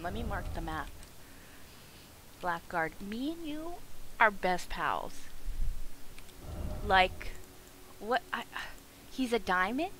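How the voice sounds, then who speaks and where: A woman streaming a video game, chatting and joking excitedly with her viewers. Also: mid-range voice, slight background noise, rough recording. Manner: excitable, jokey, chatty with chat. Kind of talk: casual gameplay commentary.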